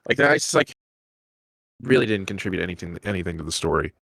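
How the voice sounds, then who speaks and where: Deep gravelly-voiced man, hesitant. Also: animated, fast talker, a bit bright, dry recording, rough recording. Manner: hesitant, trailing off, lots of fillers. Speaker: podcast co-host reviewing a movie. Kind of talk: casual chat.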